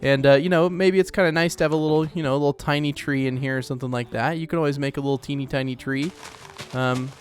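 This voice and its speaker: A man's voice: a little high, fairly even intonation, fast talker, smooth. A man hosting a let's play, rambling casually as he plays, with lots of fillers. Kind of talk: casual gameplay commentary.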